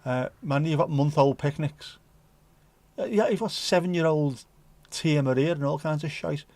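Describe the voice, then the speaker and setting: A man's voice: on the high side, normal speed, darkish tone, dry recording. A man hosting a casual livestream who reads viewer comments in a jokey, rambling, playful way. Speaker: livestream host.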